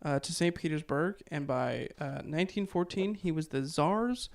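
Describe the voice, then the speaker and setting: A podcast host casually tells a history story from his notes, relaxed and full of fillers, chuckling often. His voice is fairly high-pitched and gravelly, at a moderate pace.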